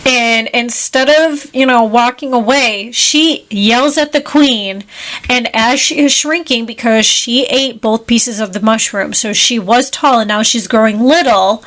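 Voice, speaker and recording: A woman co-hosting a podcast, retelling a film plot in casual chat with animated, quick asides. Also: on the high side. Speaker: podcast co-host.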